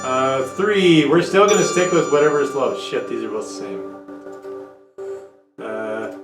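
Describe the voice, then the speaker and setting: A man's voice: mid-range voice, measured pace, echoey room, over loud music. Wry man doing let's-play commentary. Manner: offhand and wry, swears. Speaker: game streamer.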